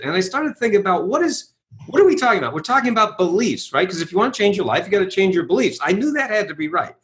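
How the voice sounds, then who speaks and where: A man being interviewed tells his story with bursts of energy, acting out the voices he quotes. His voice sits high and swings widely in pitch. He keeps checking in with his listener. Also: racing. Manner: energetic, acts out quoted voices, repeats "right?". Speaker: guest author and speaker.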